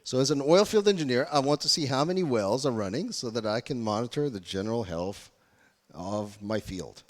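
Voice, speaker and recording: Speaking at medium pitch, this man sounds animated and moves a little fast. He's leading a UX workshop for a live audience in a conference room, posing questions to keep them engaged, with the hall's reverberation audible.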